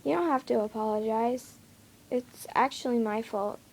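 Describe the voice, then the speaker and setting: A woman's voice: a little high, normal speed, creaky, darkish tone. A woman reading the lines of a teasing, playful male creature in a fan story. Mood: gentle.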